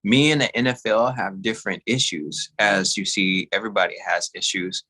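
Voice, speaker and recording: A man's voice: lowish voice, fairly even intonation, moderate pace, pushed and bright. A man from East Texas, a singer-songwriter guest, chatting in a laid-back way that often trails off. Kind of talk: casual interview chat.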